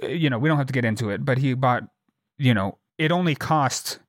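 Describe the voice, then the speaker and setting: A man's voice: medium pitch, brisk, no echo, studio quality. A man in casual chat, telling a long story with plenty of swearing and acted-out quotes. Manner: animated storyteller, swears a lot, acts out quotes.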